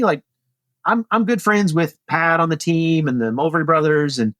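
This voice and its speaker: A man's voice: on the high side, moderate pace, dry recording, clean studio sound. A man in his forties, a guest on a podcast, telling a story casually and acting out the dialogue by lifting his voice. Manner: animated, acts out dialogue in a raised voice. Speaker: podcast guest, retired pro cyclist.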